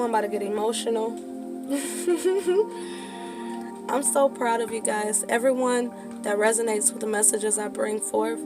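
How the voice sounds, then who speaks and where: High voiced woman doing a tarot reading, casual and cussing, gets preachy and fired up, music going behind her. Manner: impassioned, rising into preaching; profane, casual. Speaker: tarot reader.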